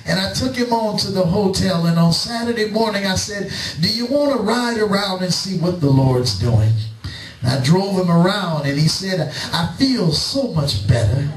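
A middle-aged man preaching in a church, telling a story slowly and acting out both sides of a conversation. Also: sits high, distant mic. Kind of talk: sermon storytelling. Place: church sanctuary. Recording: echoey church, preacher away from the mic.

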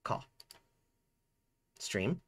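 A man streaming a game live, chatting casually and fumbling with his audio settings. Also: drawn-out words. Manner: chatty, fumbling with settings, lively ups and downs. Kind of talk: casual live-stream chat while gaming.

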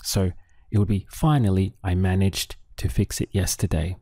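A man with a low, mellow voice gives a language lesson at an unhurried pace. He speaks patiently and leaves pauses for the listener to answer, recorded dry and close. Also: fairly even intonation, dry recording. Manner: slow, patient, with drill pauses. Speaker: Spanish teacher.

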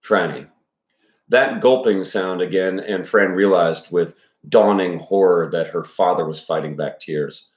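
A man's voice: sits low, a little slow, few pauses. A man reading a novel aloud, then commenting casually with profane asides and many fillers. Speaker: audiobook reader and commentator. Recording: echoey room.

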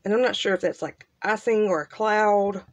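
A woman hosting a casual crafting unboxing, gushing softly and trailing off into quiet asides. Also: mid-range voice, normal speed, lo-fi sound. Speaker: crafting channel host. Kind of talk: casual unboxing show-and-tell.

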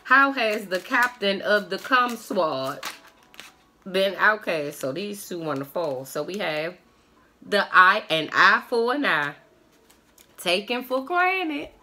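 A woman's voice: mid-range voice, big pitch swings, slow pace, pushed and bright. A woman doing a tarot reading on camera, talking in a blunt, sassy and profane way. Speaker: tarot reader.

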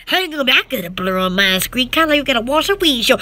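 A woman's voice: high voice, very animated, quick pace, bright, forceful tone. A woman hosting an online shop chat, rambling, giggling and gasping between exclamations. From Alabama.

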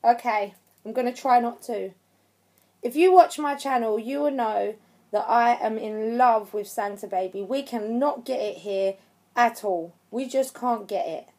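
A woman chatting through an unboxing on her craft channel, emotional, gushing with thanks and shaky with excitement. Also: on the high side, unhurried. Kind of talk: unboxing vlog chat.

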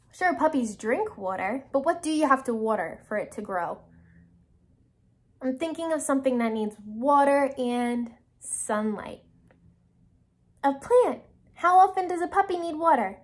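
A woman's voice: sits high, animated, moderate pace, pauses often. A woman teacher reading a picture book aloud to children, asking them questions and encouraging answers.

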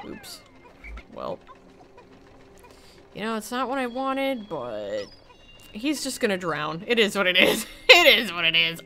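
A woman giving loud, profane commentary over gameplay, scolding and cheering the characters on screen and laughing often. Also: mid-range voice. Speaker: gaming video creator.

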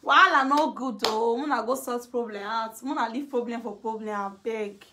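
A woman's voice: on the high side, normal speed, sharp tone. A Nigerian woman vlogger in a casual gossipy chat, talking freely and laughing often. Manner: chatty, laughs often, mimics others.

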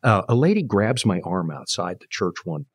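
A man's voice: low voice, very animated, normal speed, husky, no echo, clean studio sound. A man in his fifties from Canada, telling his faith story as an interview guest and acting out the voices he quotes. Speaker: guest preacher. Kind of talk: personal testimony in conversation.

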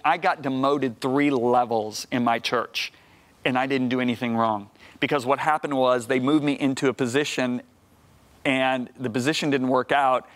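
Guesting on a Christian television show, a middle-aged man preaches by telling his own story with lots of energy, acting out exchanges and repeating words. The setting is a TV studio, and his mid-range voice sounds slightly bright.

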